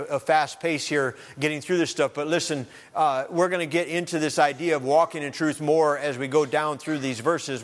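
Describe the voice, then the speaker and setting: A man's voice: on the high side, fairly bright tone, long reverb tail. A man preaching a sermon as pastor, often restarting and repeating phrases.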